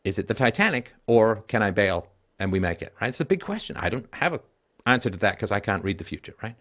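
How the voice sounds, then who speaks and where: Swearing freely, a middle-aged call-in show host tells blunt stories about his life. He talks fast and expressively, dipping into a low, exhausted tone before rising to loud emphasis.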